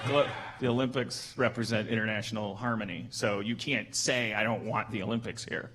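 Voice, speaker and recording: A man in his forties hosting a comedy podcast, riffing in halting, rambling chat full of restarts. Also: fairly low pitch, steady tone, background noise. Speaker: podcast host.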